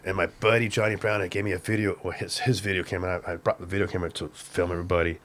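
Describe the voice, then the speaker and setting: Low-voiced older man telling a wild story. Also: very fast, slight background noise. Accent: Southern Californian. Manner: profane, excited, acts out shouting quotes. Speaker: guest skater telling a story. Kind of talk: animated storytelling on a podcast.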